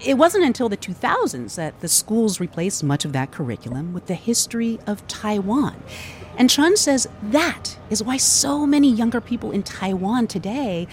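A woman radio news host narrating a report and interviewing people, in a lively, conversational way. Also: on the high side, moderate pace, a little hiss or hum.

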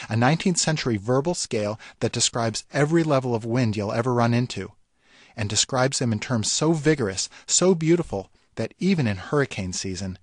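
A man, a writer, reading his own scripted radio commentary in a wry, measured way that savors the words. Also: mid-range voice, dry recording, clean studio sound.

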